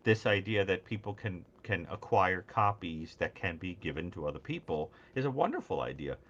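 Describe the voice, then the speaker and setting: Deep-voiced man in playful chat. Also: lively intonation, normal speed, fairly bright tone, lo-fi sound. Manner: playful, teasing, laughs easily. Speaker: podcast guest. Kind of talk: casual call-in chat.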